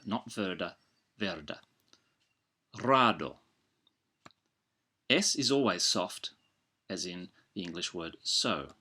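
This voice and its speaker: A man giving a patient pronunciation lesson, slowing down to spell out each sound and example word. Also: deep voice, sharp tone. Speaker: language teacher. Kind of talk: instructional narration.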